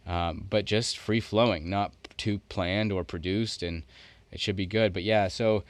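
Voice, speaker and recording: A man's voice: on the low side, fairly even intonation, measured pace, dry recording. A man co-hosting a podcast in casual chat, thinking aloud in long run-on sentences. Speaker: podcast co-host.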